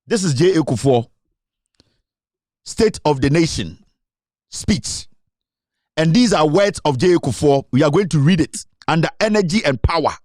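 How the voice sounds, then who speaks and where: A man's voice: fairly high pitch, animated, normal speed, long pauses, a little mellow, dry recording, studio quality. A Ghanaian man giving emphatic political commentary, mixing languages and reading out quotes. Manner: emphatic, code-switching, reads out quotes.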